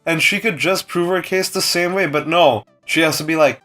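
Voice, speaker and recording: A young man casually reviewing a TV episode with strong opinions, breaking into quick impressions of the characters. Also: on the high side, faint music behind. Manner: chatty, opinionated, animated impressions. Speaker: TV show reviewer.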